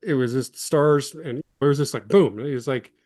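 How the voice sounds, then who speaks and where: A man's voice: medium pitch, normal speed, darkish tone, no echo. A man in his fifties from Illinois, a former football lineman telling rambling, self-deprecating stories as an interview guest. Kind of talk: casual interview storytelling.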